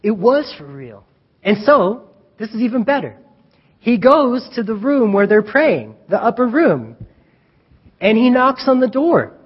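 A male preacher giving an animated sermon, retelling a story and acting out the scenes. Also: very high-pitched, measured pace, slightly rough. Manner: animated, acts out scenes, chuckles at own jokes. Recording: dull reverberant hall recording.

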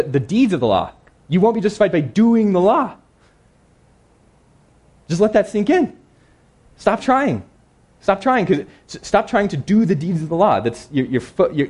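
A man preaching a sermon in a conversational, earnest way, slowing down to read scripture verses. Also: mid-range voice, a little mellow, husky.

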